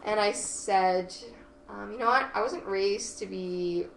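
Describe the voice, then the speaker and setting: A woman's voice: medium pitch, takes it slowly, creaky. A woman guest on a podcast telling a personal story in casual chat, full of "like" and free swearing. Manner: animated, heavy use of "like", swearing freely. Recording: echoey room with faint noise.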